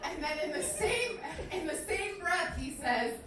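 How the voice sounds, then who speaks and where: A woman's voice: very high voice, sing-song, measured pace, crowd noise. A woman in her twenties doing stand-up storytelling, chatty and self-deprecating, full of fillers. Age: 20s. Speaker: stand-up comedian. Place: comedy club stage. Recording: echoey club from a distance with noise.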